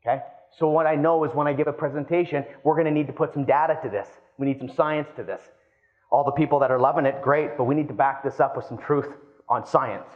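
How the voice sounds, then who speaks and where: A man on stage giving a keynote, telling a personal story with lively, swinging delivery and talking straight to the crowd. His voice sits a bit high for a man. The recording sounds dull and lo-fi. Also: fast talker. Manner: animated storytelling, addresses the crowd as guys. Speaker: keynote speaker. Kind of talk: live keynote speech.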